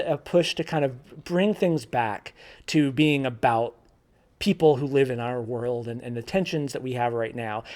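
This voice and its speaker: Higher-voiced man thinking aloud. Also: darkish tone. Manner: thinks aloud with frequent restarts and repeated words; informal and candid, swears casually. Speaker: film reviewer. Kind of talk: casual spoken film review.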